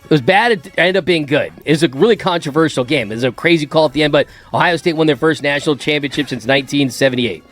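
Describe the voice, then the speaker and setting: A middle-aged man hosting a sports talk show, telling lively stories in a casual, animated way. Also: quick pace, few pauses, faint music behind. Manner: animated, acts out his own past outbursts in a higher voice. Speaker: sports podcast host. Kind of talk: casual storytelling chat.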